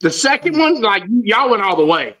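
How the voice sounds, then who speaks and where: A man's voice: high voice, sing-song, normal speed, fairly bright tone, muffled recording. A man joking and laughing through casual live-show banter.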